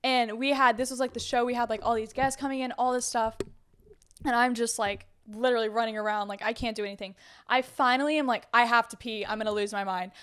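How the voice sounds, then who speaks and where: High-voiced chatty young woman. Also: fairly even intonation, fast talker, smooth. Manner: chatty storytelling with many fillers. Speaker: podcast co-host. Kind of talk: casual chat.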